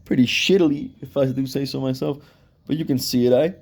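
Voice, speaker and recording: A man's voice: medium pitch, brisk, gravelly, a little mellow. A young man rambling philosophically in a casual solo vlog, swearing often and laughing at himself. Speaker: vlogger.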